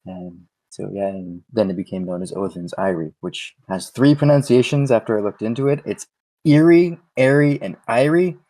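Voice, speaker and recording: A man's voice: low voice, steady tone, brisk, dark tone, dry recording, poor audio. A man narrating as game master for a tabletop game, rambling with lots of fillers as he describes the scene.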